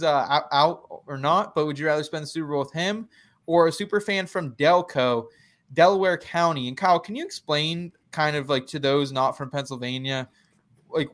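A man's voice: on the high side, a bit bright. A man co-hosting a casual sports podcast, laughing often and stammering through restarts. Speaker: podcast co-host.

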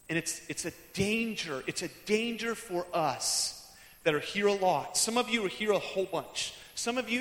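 A man delivers a sermon in a high, ringing voice, hammering points home by repeating them. He swings from forceful declarations to quiet, hushed asides. The sound carries the long reverb of a large hall. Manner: emphatic, repeats lines for stress, swings from loud to hushed. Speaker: pastor.

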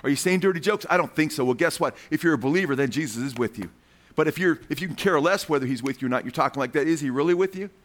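A man's voice: a little high, racing, fairly bright tone. A male preacher giving a fervent sermon. He keeps calling his listeners "man" and puts questions to the crowd.

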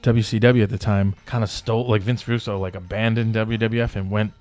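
Low-voiced man telling a rambling story. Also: little pitch movement, brisk, a little mellow, faint music behind. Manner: rambling, full of "like" and swearing. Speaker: guest. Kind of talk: casual storytelling in a podcast interview.

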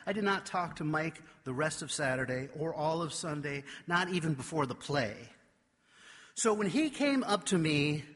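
A man preaching a sermon, telling a childhood story with animated, self-mocking delivery before turning to scripture. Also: on the high side, husky. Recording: long reverb of a large hall.

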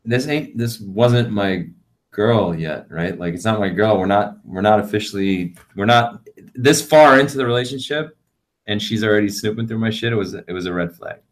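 A man's voice: on the low side, normal speed. A young man, co-hosting a podcast and telling rambling stories, swearing freely. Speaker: podcast co-host. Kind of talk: casual chat.

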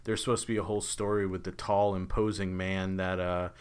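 A man's voice: low voice, flat delivery, brisk, clean tone. A man co-hosting a podcast, discussing a film in a casual, rambling way with frequent restarts. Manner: rambling, many restarts and fillers. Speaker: podcast co-host.

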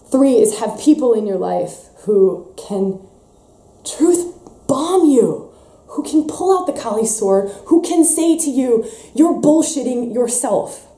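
A young adult woman giving a casual spiritual teaching, lively and expressive, slipping into playful voices for quotes. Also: medium pitch. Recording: echoey room.

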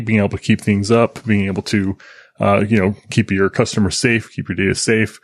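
A man co-hosting a tech podcast, talking in a rambling, enthusiastic, halting way. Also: fairly low pitch, vocal fry, no room sound. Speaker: podcast co-host. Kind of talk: casual chat.

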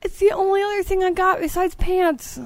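A woman's voice: extremely high pitch, a little fast. A young woman co-hosting a podcast, telling a story in a casual, profane way and acting out her own anger. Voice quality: animated, swears a lot, acts out her own anger. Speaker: podcast co-host.

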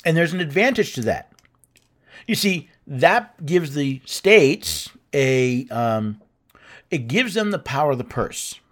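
A man with a fairly high-pitched voice hosting a commentary show. He explains things in a conversational, unscripted way, with fillers and the odd restart. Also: expressive, takes it slowly, fairly bright tone. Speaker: host.

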